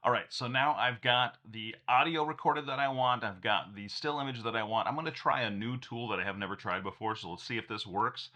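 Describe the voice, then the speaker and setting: Moving briskly with few pauses, a man whose medium-pitched voice has a sharp edge runs a casual tech tutorial on screen share. He stays upbeat, chuckling often and frequently beginning sentences again.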